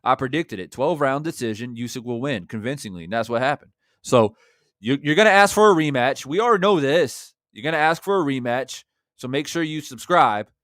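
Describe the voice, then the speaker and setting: This boxing YouTuber speaks at a medium pitch, brisk and a bit bright, with lively intonation, in a clean studio recording with no echo. Hosting a live-stream about boxing, he reads out super chats, talking straight to viewers in a brash, confident manner.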